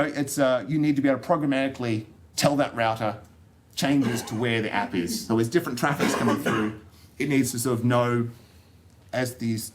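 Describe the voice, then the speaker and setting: A man's voice: medium pitch, slight background noise. Australian man, conference speaker, tech talk, loose and jokey, lots of fillers. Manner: joking, loose and rambling, with many fillers and restarts. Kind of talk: technical talk to an audience. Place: conference room.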